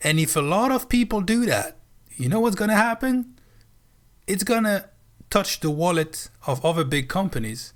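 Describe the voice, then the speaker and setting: A Frenchman streaming a blunt, profane rant, swearing a lot and hammering the same points over and over. His voice sits high and expressive, at a moderate pace.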